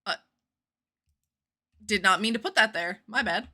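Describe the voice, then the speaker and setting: A woman streaming a game live, chatting casually with viewers in a bubbly, animated way and swearing freely. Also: mid-range voice, unhurried. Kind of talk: casual live-stream chat while gaming.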